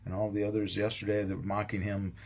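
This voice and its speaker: A man's voice: lowish voice, little pitch movement, fast, darkish tone. A man, a pastor, giving a casual daily devotional talk, rambling with frequent ums and restarts. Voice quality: gravelly, husky.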